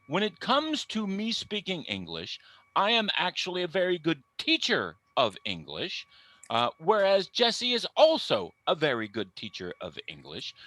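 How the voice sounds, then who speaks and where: Lively, bright-voiced Midwestern American man. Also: a little high, dry recording, rough recording. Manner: emphatic, opinionated, playful. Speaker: English teacher, panel guest. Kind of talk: panel discussion talk.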